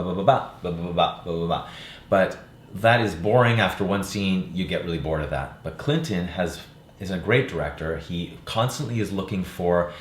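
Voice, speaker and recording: An older man, an actor and playwright, talking about his one-man play in a relaxed, reflective way with frequent fillers. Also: low-pitched, slight background noise. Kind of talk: interview chat. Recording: roomy sound with faint ambience.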